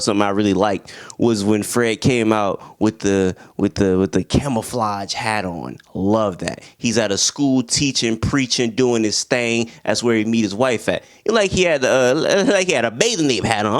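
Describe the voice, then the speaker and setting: Animated man retelling a movie. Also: medium pitch. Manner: animated, slangy, acts out scenes in voices. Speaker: film reviewer. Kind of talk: casual film review.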